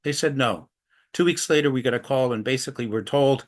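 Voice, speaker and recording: Speaking a little fast in a mid-range voice, a middle-aged man, an anti-trafficking activist, earnestly tells stories in a presentation. He performs the voices of the people he quotes.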